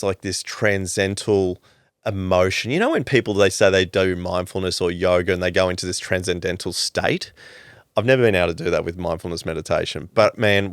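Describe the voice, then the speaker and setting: A man, telling stories as a podcast guest in a lively, casual way, swearing freely and calling people "mate". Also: low-pitched, dry recording, clean studio sound. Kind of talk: casual storytelling chat.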